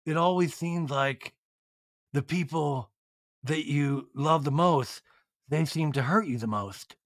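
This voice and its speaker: A man voicing a brooding young guy who talks in low, mumbled, self-pitying dude-speak. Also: slow, dry recording, studio quality. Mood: mopey.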